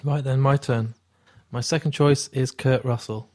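A man's voice: medium pitch, fairly even intonation, unhurried, darkish tone. A man co-hosting a podcast, talking passionately about his favourite actors and telling anecdotes. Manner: passionate, storytelling. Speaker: podcast co-host. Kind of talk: casual film chat.

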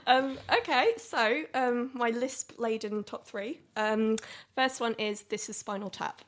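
A woman's voice: fairly high pitch, unhurried. A woman with a slight lisp, chatting and giggling as a podcast guest. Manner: giggly, chatty, self-deprecating. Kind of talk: casual podcast chat.

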